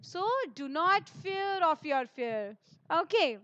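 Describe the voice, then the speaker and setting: A woman's voice: extremely high pitch, lively intonation, slow, sharp tone. A woman with an Indian English accent, teaching an online lesson and speaking to her students in an upbeat, encouraging way. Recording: dull lo-fi recording.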